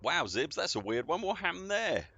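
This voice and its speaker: A man's voice: a little high, very animated, normal speed, sharp tone, slightly rough, no room sound. A man, streaming a game and chatting casually with viewers, rambling and greeting people by name. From United Kingdom. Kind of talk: casual live-stream chatter while gaming. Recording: dull, dry lo-fi sound.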